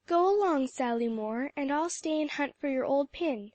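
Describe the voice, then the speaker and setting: Lady doing an over-the-top excitable girl, high voice, gasping exclaims. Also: moderate pace, no room sound. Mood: excited. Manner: breathless, theatrical exclaiming. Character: excitable dramatic schoolgirl.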